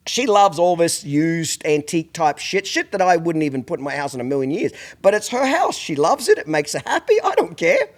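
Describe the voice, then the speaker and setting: A middle-aged man hosts a podcast and tells stories in a blunt, profane, casual way. His voice sits a little high for a man. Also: very animated, a little fast, few pauses. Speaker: podcast host. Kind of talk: casual chat.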